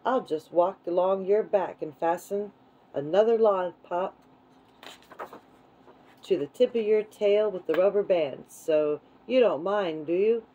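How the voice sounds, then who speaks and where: A woman voicing a calm, resourceful boy adventurer who speaks politely and reassuringly. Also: fairly low pitch, a little slow, lo-fi sound, slight background noise, natural voice.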